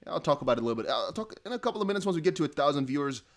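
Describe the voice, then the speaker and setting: A man's voice: fairly high pitch, big pitch swings, very fast. A young man from the Netherlands hosting a casual crypto livestream, reading out donations in a rambling, laughing way. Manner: chatty, laughing, rambling with restarts.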